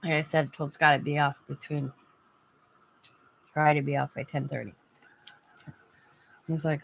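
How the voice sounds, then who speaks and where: A woman's voice: on the low side, steady tone, normal speed, pauses often, rough recording. A woman hosting a casual crafting livestream from her home craft room, chatting in a rambling way and laughing often. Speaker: craft channel host.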